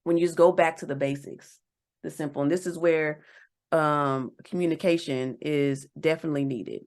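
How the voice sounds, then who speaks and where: A woman co-hosting a relationship podcast in casual chat, acting out quoted lines in a higher voice. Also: moderate pace. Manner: animated, acts out quotes in a higher voice. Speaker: podcast co-host.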